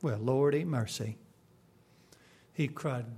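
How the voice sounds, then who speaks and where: A man preaching a sermon, swinging from sudden loud bursts to hushed, quiet lines. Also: on the high side, animated, slow.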